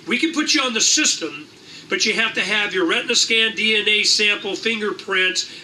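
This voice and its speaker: A man's voice: high-pitched, bright, forceful tone. A middle-aged man hosting a meeting, talking in a rambling, irreverent way with casual swearing. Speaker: host of a liberty meeting. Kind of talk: animated casual talk to a room. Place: meeting room. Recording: distant mic in a room, faint noise.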